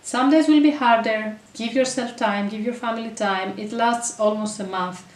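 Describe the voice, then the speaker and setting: Chatty woman vlogging in an echoey room. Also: fairly high pitch. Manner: earnest, chatty, self-interrupting with quick asides. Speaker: parenting vlogger and mother. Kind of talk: casual advice to camera. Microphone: camera mic. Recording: echoey room, voice a bit far from camera.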